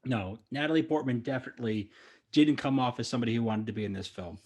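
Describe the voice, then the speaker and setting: A man hosting a podcast, talking in a relaxed, casual way and asking a guest questions. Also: mid-range voice, fast. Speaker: podcast host. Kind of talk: casual chat.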